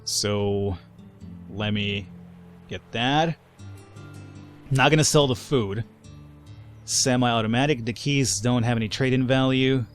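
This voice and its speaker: A man's voice: mid-range voice, slow pace, pauses often, soft background music. A young man hosting a let's play, chatting and joking casually as he plays, with the odd swear word. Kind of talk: casual gameplay commentary.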